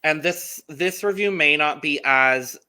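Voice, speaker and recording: Podcast co-host, man, bright clear voice, chatty and upbeat. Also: a little high, unhurried. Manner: chatty, upbeat, frequent ums. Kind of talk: casual podcast chat.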